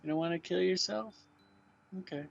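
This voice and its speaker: A man playing a video game on stream, talking in dry, deadpan, mock-weary banter. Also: high voice, moderate pace, vocal fry, lo-fi sound. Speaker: let's play streamer. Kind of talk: casual gaming banter.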